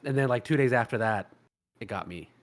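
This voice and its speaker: A man with a cold chatting on a livestream, subdued and low-key. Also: fairly quick. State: sick, congested. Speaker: livestream co-host. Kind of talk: casual livestream chat.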